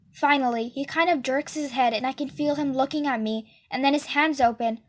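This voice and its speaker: A woman reading a novel aloud in a steady, earnest storytelling manner. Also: sits high, fairly quick, few pauses. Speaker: book reader.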